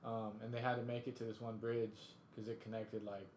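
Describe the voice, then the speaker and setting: A man's voice: on the low side, level tone, a little fast, darkish tone, a little hiss or hum. A man co-hosting a casual podcast chat, rambling and laid-back, calling people dude and bro. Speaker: podcast co-host. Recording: roomy echo.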